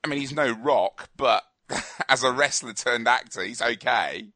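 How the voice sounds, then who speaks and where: A man's voice: mid-range voice, a little slow, sharp tone, no echo, clean studio sound. A man co-hosting a film review radio chat, opinionated and rambling, with many fillers and restarts.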